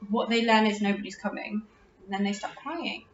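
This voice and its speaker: A woman's voice: medium pitch, brisk, slight background noise. A middle-aged woman, hosting a parenting talk in a casual, chatty way, often restarting her sentences. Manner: chatty, restarts, warm laughs. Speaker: parenting podcast host. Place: room at home. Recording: roomy, distant, dull lo-fi audio.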